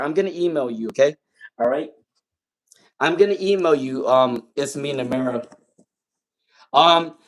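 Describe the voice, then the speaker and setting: A man's voice: fairly high pitch, fairly bright tone. Chatty young man reading tarot live. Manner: chatty, repeats himself, bursts of laughter. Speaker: tarot reader hosting a live stream. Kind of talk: live-stream tarot reading, casual chat with viewers.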